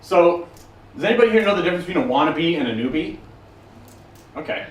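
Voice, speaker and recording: A man with a slightly high voice talks to a conference audience, blunt, profane and joking as he answers their questions. He sounds distant from the mic in a roomy hall, with faint noise behind him. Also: expressive, quick pace. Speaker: conference speaker taking questions. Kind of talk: casual talk with audience Q&A.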